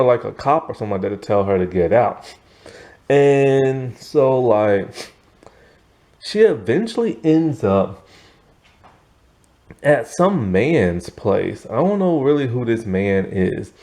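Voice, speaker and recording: A man's voice: mid-range voice, a little mellow. A man giving a casual, rambling TV review, tired and yawning, full of asides and fillers. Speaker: TV show reviewer.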